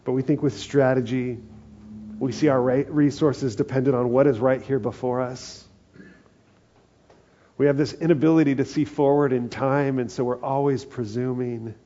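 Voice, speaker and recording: A man's voice: medium pitch, steady tone, normal speed, dark tone, lo-fi sound. A man preaching a sermon as pastor, earnest and building to emphatic peaks.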